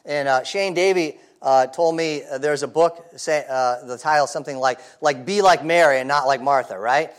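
Man preaching, fairly high voice, chatty and questioning. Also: normal speed, hardly any pauses, smooth. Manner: conversational, rhetorical questions, frequent repeated starts. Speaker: pastor. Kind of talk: sermon.

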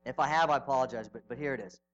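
A middle-aged male pastor preaching a sermon, telling stories with sudden swings from loud to hushed. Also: mid-range voice, rapid-fire, dull audio, a little hiss or hum.

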